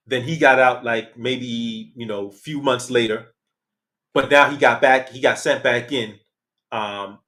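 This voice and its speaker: A man hosting a casual livestream, talking candidly with slang and the odd curse, laughing between points. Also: mid-range voice. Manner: candid, animated, uses slang and swears. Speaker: channel host.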